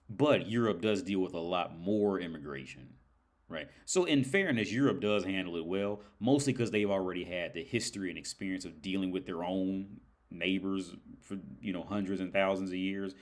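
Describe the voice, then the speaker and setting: A man hosting a livestream, telling rambling stories in a casual, profane way and laughing often, tired. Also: low-pitched. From United States. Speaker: livestream host. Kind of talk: casual storytelling monologue.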